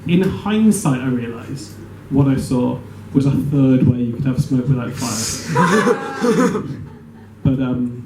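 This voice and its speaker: A man performing a stand-up comedy set in a small venue, rambling and self-deprecating, with an animated delivery. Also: mid-range voice, slow pace. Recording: echoey room with audience noise. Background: audience laughter.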